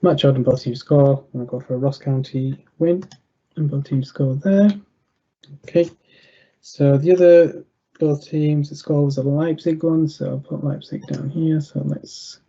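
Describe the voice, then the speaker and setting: A young man giving betting tips over a video call, thinking aloud in a halting way with many fillers and restarts. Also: a little high, steady tone, creaky, dark tone, husky, muffled recording. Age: young adult. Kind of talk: thinking aloud while clicking through a screen.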